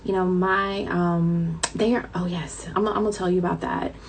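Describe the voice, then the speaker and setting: Gravelly-voiced chatty Southern-tinged woman. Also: on the low side, fairly even intonation, moderate pace, a little hiss or hum, low-quality recording. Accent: light Southern twang. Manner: chatty, dramatic, addresses viewers as y'all. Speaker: author. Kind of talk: casual chat to viewers.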